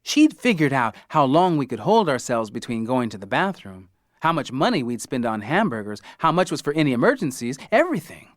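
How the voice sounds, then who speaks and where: A man narrating an audiobook in the first person, with an expressive, wry storytelling manner. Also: on the high side, no echo, studio quality.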